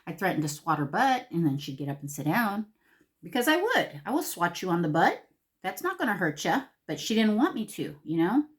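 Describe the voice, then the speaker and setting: A middle-aged woman with a somewhat low voice rambles through a personal story, talking straight to camera. Her delivery is casual and conversational, circling back on her own words as she goes. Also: sing-song, fairly quick. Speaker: beauty vlogger.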